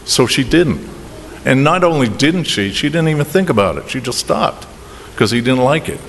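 A middle-aged man with a Boston accent tells a meandering personal story about his drinking at a recovery meeting, halting and restarting with chuckles. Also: medium pitch, lively intonation, a bit bright. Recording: reverberant hall with faint noise.

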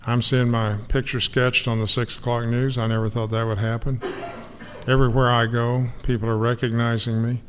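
This older man speaks to an audience about his recovery, earnest and emotional throughout. He keeps a level tone and normal speed in a mid-range voice. The clip carries long reverb from a hall and a bit of noise.

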